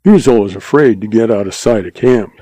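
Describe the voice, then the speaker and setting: A man's voice: fairly low pitch, fairly quick, warm tone, slightly rough, dry recording. A man playing a sly, folksy young cowboy. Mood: earnest. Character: young cowboy, sly, quick-witted, mock-mournful.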